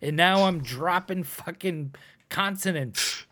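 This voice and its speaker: Profane podcast co-host from New England, bright, jokey, riffs on bits. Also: male voice, sits high, slow pace. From New England, USA. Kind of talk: casual chat.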